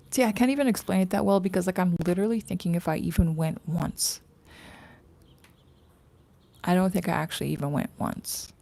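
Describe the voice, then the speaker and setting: A woman chats casually to her livestream viewers from outdoors. Her voice sits low and gravelly, with a mellow, dark tone. She rambles freely and often slips into breathy whispered asides. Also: brisk, pauses often. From Canada. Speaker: livestream host. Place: outdoors in morning sun.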